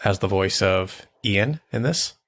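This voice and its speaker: A man's voice: lowish voice, expressive, unhurried, fairly bright tone. A man co-hosting a podcast in casual chat, trading playful, joking banter. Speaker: podcast co-host.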